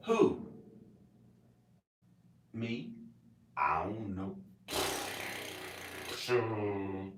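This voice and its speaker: A man rambling to camera in a casual monologue, jumping between topics with sudden loud laughing outbursts. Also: fairly low pitch, unhurried, distant mic, a little hiss or hum. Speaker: vlogger. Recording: echoey room, voice off mic.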